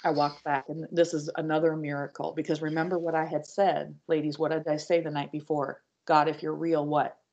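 A woman guest on a podcast, earnestly telling her personal story with halting restarts and speaking straight to her listeners. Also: low voice, level tone, a little mellow. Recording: dull lo-fi audio.

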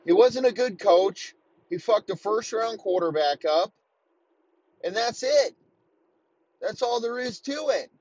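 A man in his thirties delivering a heated, profane comedic rant, talking in rapid-fire bursts. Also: high voice, expressive, darkish tone, no echo, highs cut off. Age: 30s.

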